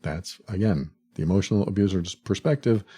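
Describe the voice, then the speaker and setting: A man hosting a solo podcast, speaking reflectively and acting out quoted lines with sudden jumps in pitch. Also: brisk, warm tone, slightly rough. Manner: laughs at the absurdity. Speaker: podcast host.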